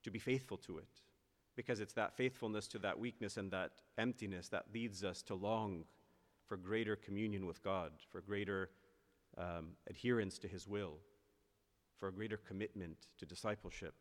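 The low, steady-toned voice of a male priest carries a sermon that climbs earnestly to emphatic highs. Important phrases are slowed down deliberately, hanging in the lengthy church reverb.

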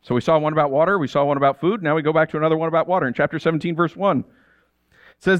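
A man's voice: on the high side, steady tone, rapid-fire, no room sound. A man in his thirties preaching a conversational sermon, telling stories and asking rhetorical questions. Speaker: pastor.

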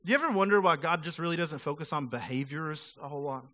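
Male pastor, casual sermon delivery, bright tone, slightly high pitch. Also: fast talker. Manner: casual, conversational preaching, acts out quoted voices.

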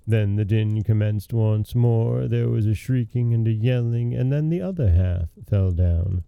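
A man hosting a podcast, calmly reading a fairy tale aloud in a measured way. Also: lowish voice, creaky, clear, resonant tone, no room sound, phone-quality sound. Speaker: podcast host and storyteller. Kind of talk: scripted storybook narration.

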